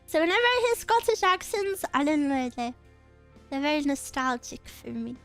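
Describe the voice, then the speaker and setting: A woman's voice: sits high, very animated, normal speed, a bit bright, faint music behind. A young woman streaming as a VTuber, chatting casually with a rambling, giggly way of talking.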